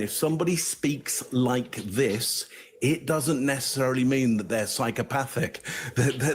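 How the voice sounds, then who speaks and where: A man in his fifties giving measured, explanatory commentary as a body language analyst. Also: medium pitch, a little hiss or hum. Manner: explanatory, measured, occasional chuckles.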